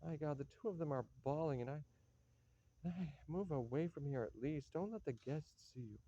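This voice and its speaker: A weary old father, fond but exasperated, pleading and then blustering, as a man acts him out. His voice sits dark and mellow, and the lo-fi recording dulls its edges. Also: on the high side, brisk, lightly acted. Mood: soothing. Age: older. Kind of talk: stage play reading. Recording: dull lo-fi recording.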